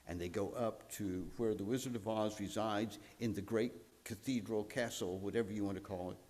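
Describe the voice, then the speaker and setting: A male pastor telling a story in a sermon, animated, with frequent swings in pitch and loudness. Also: moderate pace.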